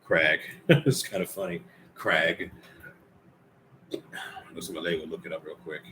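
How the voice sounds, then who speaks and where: A man's voice: sits low, lively intonation, fast talker, noisy background. A man giving informal Bible teaching, reading scripture aloud and commenting conversationally while speaking directly to the brothers and ladies listening.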